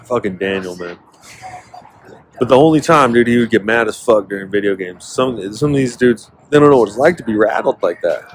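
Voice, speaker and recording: A man's voice: fairly low pitch, animated, a little fast, faint music behind. A man from Northern California hosting a podcast, telling rambling, profane stories in casual chat. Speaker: podcast host.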